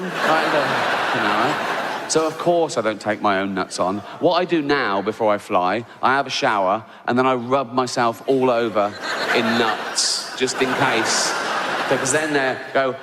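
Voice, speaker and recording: A middle-aged man with an English accent doing a stand-up comedy routine, telling a story with sarcastic, incredulous mock outrage and squeaky asides. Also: moderate pace, very noisy. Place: large theatre stage. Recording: live theatre with long reverb and audience.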